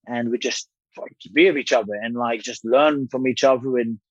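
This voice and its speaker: A former boxer in his thirties tells a long story as a guest in a casual storytelling interview, speaking candidly, swearing freely and restarting in a rambling way. His medium-pitched voice moves at a normal speed, and the recording is dry and muffled.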